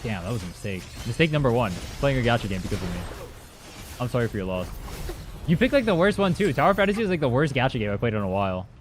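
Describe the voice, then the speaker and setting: A young man streams a game and chats casually with viewers, rambling and swearing as he answers chat, his medium-pitched voice very animated and fast. Faint music from his playlist plays, with slight background noise.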